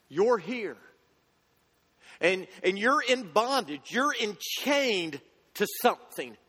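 A man, a pastor, preaching an earnest sermon that swings between loud and hushed, often restarting his words. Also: sits high. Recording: echoey hall with long reverb.

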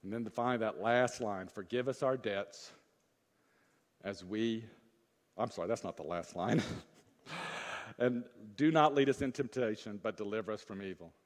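A man preaching a sermon as pastor, moving between loud urgent peaks and soft, low asides, and asking the congregation questions. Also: measured pace, long pauses. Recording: long reverb of a church hall.

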